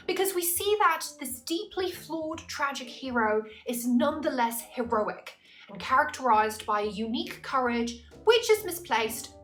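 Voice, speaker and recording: A woman tutor explains a text in a measured, analytical way, and she slows down on the terms she wants to stress. Her fairly high voice rises and falls widely, with soft music underneath. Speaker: English literature tutor. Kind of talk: scripted explanatory narration.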